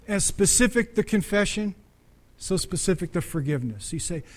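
Animated middle-aged man preaching a sermon. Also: sits high, moderate pace. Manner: animated, conversational preaching with sudden loud peaks; restarts and repeats words often. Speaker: pastor.

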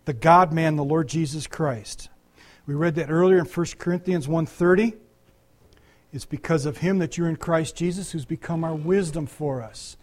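A man's voice: on the high side, moderate pace, darkish tone. Man preaching a casual sermon. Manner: conversational preaching with frequent restarts and asides. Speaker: pastor.

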